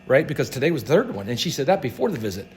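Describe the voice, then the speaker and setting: Fast-talking animated man telling stories. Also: mid-range voice, a little hiss or hum. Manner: animated, acts out quoted voices. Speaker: healthcare practitioner guest. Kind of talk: casual interview storytelling.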